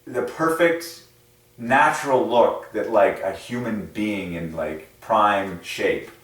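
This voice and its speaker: With a slow delivery, a man rambles through a casual monologue as the host of a religious numerology video. His excitable speech is loaded with fillers and marked by sudden pitch jumps. He sounds distant from the mic, in a very echoey room.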